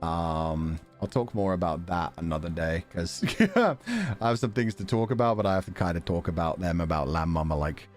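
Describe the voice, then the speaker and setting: A man casually chatting on a livestream, excitable, laughing often and swearing now and then. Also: sits low, moderate pace, soft background music. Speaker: streamer.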